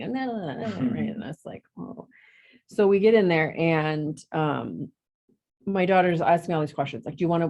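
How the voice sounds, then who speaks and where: A middle-aged woman tells a story to her coworkers in a meeting room. Her voice sits a bit low but jumps high whenever she acts out what someone said. Her chat is casual and lively. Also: lo-fi sound. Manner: animated, acts out quotes with big jumps in pitch. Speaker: real estate agent in coaching group.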